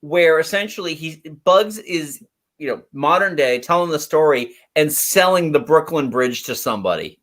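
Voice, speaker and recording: Lively, animated male podcast co-host. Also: fairly high pitch, normal speed. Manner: animated, enthusiastic, stumbles into restarts. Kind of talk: casual chat reviewing cartoons.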